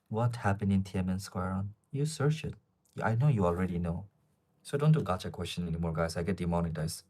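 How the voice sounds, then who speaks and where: Deep-voiced young man live-streaming. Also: animated, brisk, darkish tone. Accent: Asian-accented English. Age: 20s. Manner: rambling, reads chat questions aloud and answers them. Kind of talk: casual live-stream chat answering viewers.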